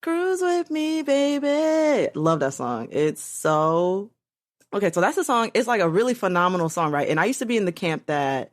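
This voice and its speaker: A woman co-hosting a podcast in casual chat, chatty and animated, laughing often. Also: fairly low pitch, a little fast. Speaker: podcast co-host.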